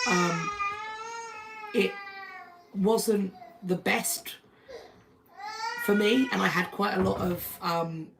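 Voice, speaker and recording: A woman's voice: fairly low pitch, vocal fry, background noise. A woman hosts a live stream at home, chatting about history and thanking viewers one by one. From North London, England. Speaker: history channel host.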